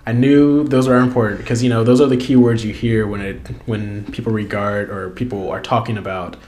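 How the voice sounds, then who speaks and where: A man's voice: on the low side, fairly even intonation, fairly quick, darkish tone. A man co-hosting a podcast in casual chat, joking and loose with fillers. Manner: chatty, joking, lots of fillers. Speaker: podcast co-host.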